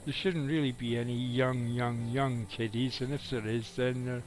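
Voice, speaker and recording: A man's voice: mid-range voice, fairly even intonation, moderate pace, soft background music, low-quality recording. A middle-aged man, giving rambling, casual live commentary on his game and chatting with viewers, swearing now and then. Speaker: game streamer.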